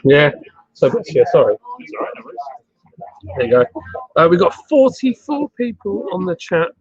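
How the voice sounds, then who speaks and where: A man's voice: high-pitched, big pitch swings, unhurried, crowd noise. Man, live stream host, playful banter, pub garden, muffled lo-fi audio. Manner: playful, bantering, reads chat aloud. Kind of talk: casual live stream chat. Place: outdoor pub garden, on a bench.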